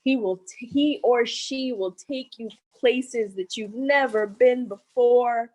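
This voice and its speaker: A woman's voice: on the high side, takes it slowly, poor audio. A woman co-hosting a cooking show, talking casually and with enthusiasm about food. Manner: enthusiastic, expressive. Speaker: co-host.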